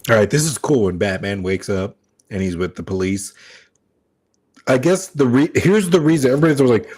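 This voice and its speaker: Male stream host; casual, animated, profane film chat. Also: medium pitch, brisk, breathy edge. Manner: animated and profane, acts out dialogue. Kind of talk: casual watch-party commentary.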